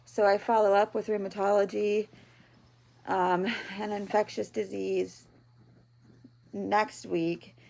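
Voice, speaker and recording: A woman in her thirties talking in a personal video diary from home, halting and tearful, with many pauses and ums. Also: mid-range voice, flat delivery, creaky, darkish tone. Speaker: vlogger, patient. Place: at home, in bed.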